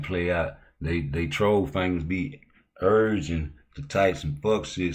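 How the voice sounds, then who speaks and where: A man with a low, deep voice hosts a casual livestream. He talks in loose, profane, slang-heavy banter and keeps pushing into heated, loud outbursts. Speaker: livestream host.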